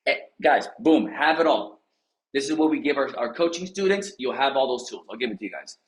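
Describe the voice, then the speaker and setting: A man giving a lively motivational coaching talk to real estate agents, telling stories and speaking straight to the audience. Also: mid-range voice, fairly quick. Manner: animated, storytelling, addresses audience directly. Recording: roomy echo.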